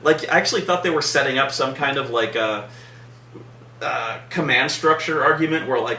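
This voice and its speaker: A man's voice: mid-range voice, a little fast, sharp tone, roomy sound, recorded from a distance. A man reviewing a film in casual chat, rambling with many fillers and repeats and a sarcastic edge. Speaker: movie reviewer, co-host.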